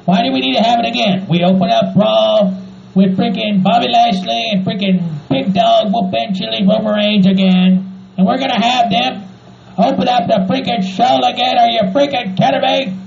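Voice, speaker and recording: A man's voice: extremely high pitch, moderate pace, creaky, over music, pitched above the performer's own voice. A man voicing a cranky, foul-mouthed hillbilly man who rants and swears. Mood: irritated complaining. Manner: ranting, swearing, says "by God". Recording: echoey muffled room, faint noise.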